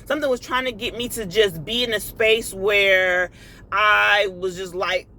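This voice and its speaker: A woman's voice: medium pitch, steady tone, measured pace, bright, forceful tone, a little hiss or hum, low-quality recording. A woman speaking casually about her faith and emotions, tearful and confiding, with lots of fillers and repeated phrases. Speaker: inspirational vlogger. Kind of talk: casual spiritual vlog monologue.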